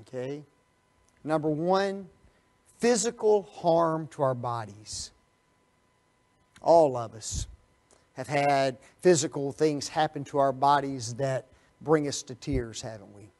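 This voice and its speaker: A man preaching a Bible study sermon, firing rhetorical questions at his listeners and swinging from quiet asides to loud, emphatic bursts. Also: on the high side, takes it slowly, pauses often. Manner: animated, rhetorical questions to the audience.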